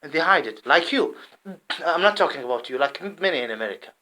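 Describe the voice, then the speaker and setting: A man from the Arab world, based in England, delivering a rambling, impassioned monologue to camera. He often repeats himself and swings between loud outbursts and muttering. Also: on the high side, animated, racing, poor audio. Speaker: vlogger. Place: at home in England.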